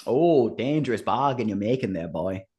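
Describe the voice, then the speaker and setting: A man's voice: lowish voice, animated, moderate pace, mellow, lightly acted. A man voicing a blunt, coarse female smuggler who swears under her breath, in a tabletop role-playing game. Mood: gruff.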